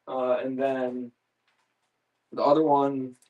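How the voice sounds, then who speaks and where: A man's voice: mid-range voice, flat delivery, takes it slowly, a little mellow, lo-fi sound. Man, livestream seller, casual storytelling, laid-back, swears a lot, lots of fillers. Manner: rambling, profane, laid-back with frequent fillers.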